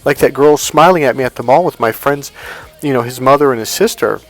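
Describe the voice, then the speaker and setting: A middle-aged man, a dating coach, telling a personal story in a vlog with animated, acted-out delivery. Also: mid-range voice, a little fast, faint music behind. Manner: animated storyteller, acts out quotes.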